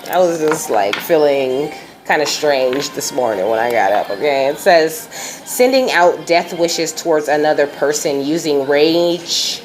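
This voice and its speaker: Lady doing a chill tarot reading, low voice, chatty and slangy, noisy background. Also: expressive, a little slow. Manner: chatty, slangy, laughs often. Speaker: tarot reader.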